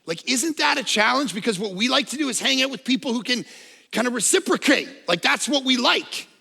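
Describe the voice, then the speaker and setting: A man in his forties preaching a sermon as pastor, in a lively, conversational storytelling manner with touches of humor, in a church auditorium. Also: very high-pitched, brisk, gravelly, slightly rough. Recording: reverberant church hall.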